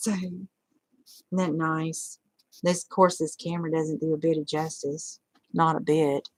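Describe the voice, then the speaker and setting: A woman with a husky, slightly breathy voice chats through a crafting video at an unhurried pace. She rambles and drifts between thoughts, addressing her viewers directly. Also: low-pitched, little pitch movement, low-quality recording. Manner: chatty, scattered, talks to viewers while searching. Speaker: crochet vlogger. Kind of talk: casual rambling tutorial chat.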